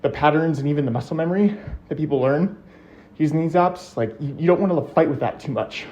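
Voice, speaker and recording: Quick-talking man, a bit winded. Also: fairly high pitch, a little mellow, dull audio. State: slightly out of breath. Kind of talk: casual chat.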